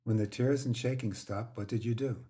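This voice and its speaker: A man voicing a calm, patient woman friend who speaks softly but firmly. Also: medium pitch, moderate pace, close to an everyday voice. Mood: gentle, firm. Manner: soft but firm.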